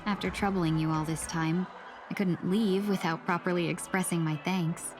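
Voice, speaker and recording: A woman's voice: lowish voice, fairly even intonation, moderate pace, over music, lightly acted. An actress voicing a gracious young woman merchant in a game, speaking politely and formally. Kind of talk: game voice acting.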